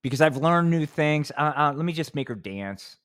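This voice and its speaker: A man's voice: a little high, lively intonation, moderate pace, fairly bright tone, smooth, dry recording, studio quality. Rambling, profane male podcast host. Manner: rambling, profane, self-interrupting. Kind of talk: casual live podcast rambling.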